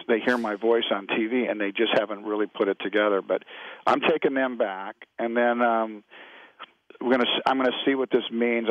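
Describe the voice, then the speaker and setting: Here a middle-aged man from California, USA, an actor appearing as a guest, rambles through relaxed anecdotes during a radio interview. The lowish voice is dryly recorded, but the radio sound is dull and lo-fi.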